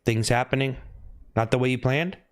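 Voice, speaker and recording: A male streamer who keeps prodding his viewers with the same mocking questions over and over. His voice sits at a middling pitch, and he suddenly breaks off into high yelps. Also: normal speed. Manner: teasing, repetitive needling questions. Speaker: live streamer. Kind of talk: live stream chat banter.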